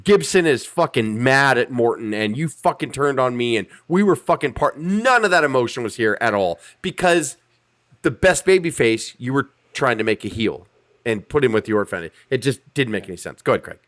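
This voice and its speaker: A man's voice: medium pitch, animated, normal speed, a bit bright. A man hosting a podcast, reviewing wrestling in casual, profane, emphatic chat. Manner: profane, emphatic, acts out quotes. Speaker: podcast host.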